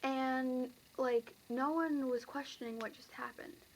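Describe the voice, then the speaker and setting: A woman's voice: sits high, steady tone, measured pace, rough recording. A teenage girl casually recounting a dream to camera, rambling and full of fillers. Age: teens. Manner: rambling, filler-heavy, breathless retelling.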